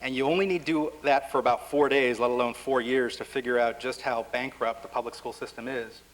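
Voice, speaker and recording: A man's voice: medium pitch, fairly even intonation, a little fast, rough recording. A man speaking on a panel at a public forum in a wry, conversational way, with touches of self-deprecating humor. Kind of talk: panel discussion. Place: lecture hall forum.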